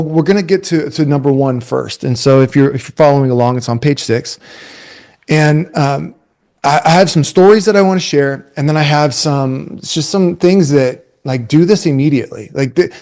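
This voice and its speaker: A man in his forties giving a casual webinar talk to youth coaches, retelling stories in a conversational, energetic way. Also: on the high side. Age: 40s.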